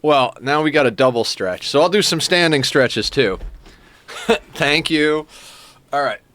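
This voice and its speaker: A man's voice: on the high side, expressive, unhurried, pushed and bright. A man streaming a game, chatting casually with his viewers, thanking them and reading their messages with lots of fillers. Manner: frequent laughs and filler words. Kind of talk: casual live-stream chat.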